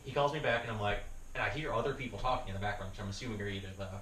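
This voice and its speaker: A man's voice: fairly low pitch, rapid-fire. A young man tells a story on a podcast, swearing freely and laughing between lines. He sits back from the mic, so his voice carries the echo of the room. A faint hiss runs under everything. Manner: profane, laughing, animated storytelling. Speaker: podcast host. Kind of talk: casual storytelling chat. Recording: roomy, distant mic with faint noise.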